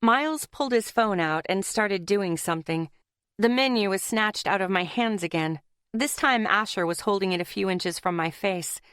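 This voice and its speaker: A woman narrating a first-person fantasy audiobook in a steady, even way. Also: medium pitch, normal speed, smooth, no room sound, studio quality.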